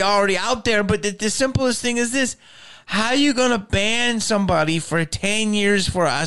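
Dude ranting on his podcast, cussing a lot, kinda high smooth voice, keeps restarting. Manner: profane, animated ranting with restarts. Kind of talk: casual ranting chat.

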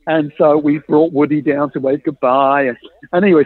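A man's voice: fairly high pitch, normal speed, dry recording. A man telling a long story in a chat, acting out the dialogue he quotes. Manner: lively, acts out quoted dialogue, laughs often. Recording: tinny phone-like line, dry.

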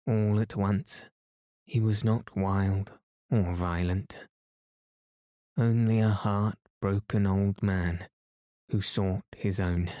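A man narrates a bedtime story in a slow, soothing reading. His voice is low and warm, with a flat, even melody, recorded close and dry. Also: no room sound.

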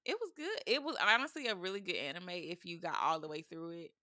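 A woman in casual chat, expressive and playful, breaking into high excited exclamations. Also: fast, no echo, studio quality.

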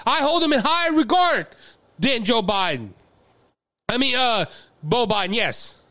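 A man's voice: very high voice, expressive, unhurried, sharp tone, dry recording. A man with a Louisiana accent hosting a political commentary show, impassioned and fiery, often repeating words as he builds steam. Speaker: podcast host.

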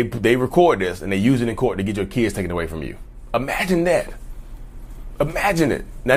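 A man talking casually and repetitively to viewers in an advice vlog, addressing them as y'all. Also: medium pitch. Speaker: channel host.

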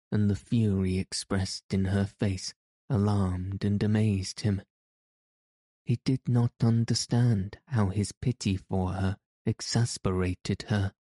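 Male audiobook narrator: measured, unhurried, flat delivery. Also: lowish voice, dry recording. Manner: measured, even reading.

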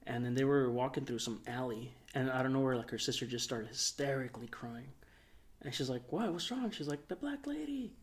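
A young man, a podcast co-host, telling a long story in a relaxed, rambling way, full of fillers. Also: mid-range voice, fairly quick. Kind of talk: casual storytelling.

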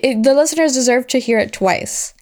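A woman's voice: high-pitched, a little fast. A woman co-hosting a podcast, joking and laughing easily in casual chat. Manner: giggly, jokey. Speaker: podcast co-host.

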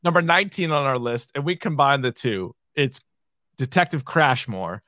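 A man's voice: mid-range voice, big pitch swings, normal speed, pushed and bright, dry recording, studio quality. A man co-hosting a podcast, chatting casually, swearing and laughing as he retells funny scenes. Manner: swearing, laughing, quoting lines in silly voices. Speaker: podcast co-host. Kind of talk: casual comedic chat.

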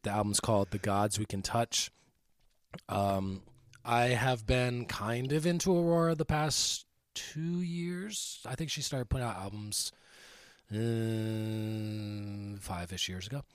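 A man co-hosting a music podcast, talking through an album pick in a relaxed, rambling way with lots of fillers. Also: on the low side, slow pace, smooth, dry recording, studio quality. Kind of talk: casual music podcast chat.

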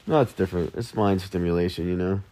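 A man's voice: deep voice, expressive, moderate pace, a little mellow. A man hosting a solo podcast, rambling casually and mocking himself with jokey asides in the early morning. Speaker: podcast host.

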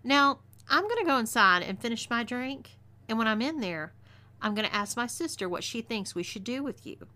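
A woman reading the story gives voice to a cruel female outlaw with a Texan twang. She drawls her threats in a mocking, menacing way. Her tone is bright and forceful, part of a storybook western. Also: medium pitch, animated, a little fast, few pauses. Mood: threatening.

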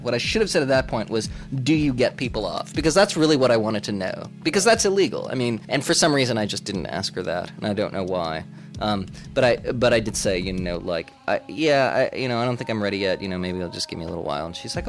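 A man from Boston who works as a radio reporter, telling a story in a casual, chatty way. His pitch moves a lot as he goes, and he slips into a higher voice when he quotes other people. Faint music sits in the background. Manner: animated, acts out quoted voices in falsetto. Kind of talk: storytelling anecdote.

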